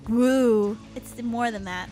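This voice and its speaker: Cheeky giggly woman on a podcast, kinda high voice, faint music behind. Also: lively intonation, brisk, sharp tone. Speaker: podcast guest. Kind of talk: casual chat.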